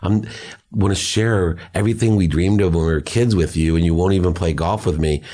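Guest spot: middle-aged man, very low voice, earnest storytelling. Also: brisk, dark tone. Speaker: podcast guest. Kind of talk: personal storytelling.

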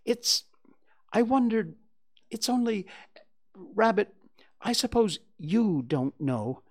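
A man's voice: high voice, big pitch swings, slow pace, husky, pitched above the performer's own voice, heavily acted. A man voicing an earnest young boy in a storybook reading, with a hesitant manner.

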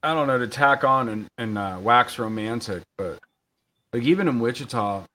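A man chatting casually as a podcast co-host, relaxed and agreeable. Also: medium pitch, moderate pace, slight background noise. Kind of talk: casual chat.

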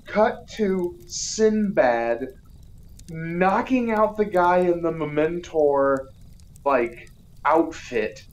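A woman co-hosting a laid-back film podcast. She talks slowly in a lowish voice and recaps scenes with animated, acted-out quotes. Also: low-quality recording. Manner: animated plot recap, acting out characters' lines. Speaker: podcast co-host. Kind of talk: casual movie review chat.

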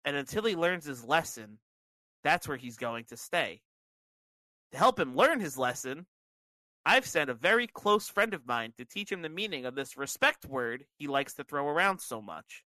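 A man's voice: high-pitched, sing-song, fast talker, pushed and bright, no echo, voice pushed up, heavily acted. A man putting on a creepy chipper kids-show host. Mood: darkening. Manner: exaggerated cheerful sing-song delivery.

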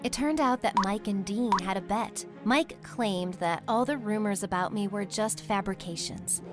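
A woman tells a first-person story in a wry, expressive voice, with clearly audible music playing beneath her narration throughout. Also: mid-range voice, normal speed. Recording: music bed under narration.

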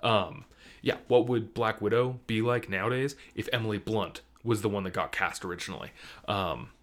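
A man's voice: lowish voice, moderate pace. Rambling young man on a podcast. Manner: rambling, animated, many fillers and restarts. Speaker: podcast co-host. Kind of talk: casual podcast chat.

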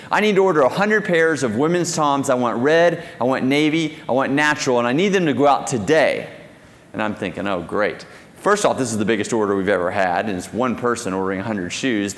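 A man telling an animated story on stage at a conference, acting out a phone call. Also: mid-range voice. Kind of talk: live keynote storytelling. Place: conference stage in a large hall. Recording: long hall reverb from a live keynote.

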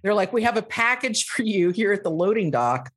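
Animated woman telling a rambling story. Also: medium pitch, fairly quick, slightly rough. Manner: rambling, with many fillers and restarts; animated, acting out quotes. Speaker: comedy podcast guest. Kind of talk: casual storytelling anecdote.

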